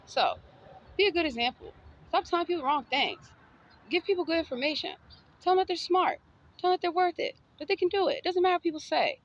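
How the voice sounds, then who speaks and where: A woman's voice: very high voice, a little fast, dull audio, slight background noise. A woman from the States, giving a sassy, defiant, preachy motivational monologue. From Southern United States. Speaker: vlogger.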